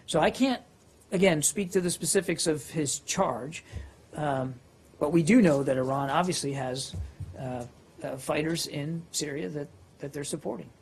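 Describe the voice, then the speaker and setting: A man's voice: on the high side, moderate pace, slightly rough. A man briefing reporters as a government spokesperson, answering questions with many fillers and restarts.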